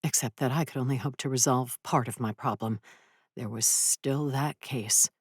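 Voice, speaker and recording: A woman's voice: extremely low pitch, moderate pace, slightly rough, no room sound, studio quality. A woman narrating a first-person audiobook, who acts out furious dialogue with rising intensity. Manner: dramatic, voices furious dialogue with raised intensity.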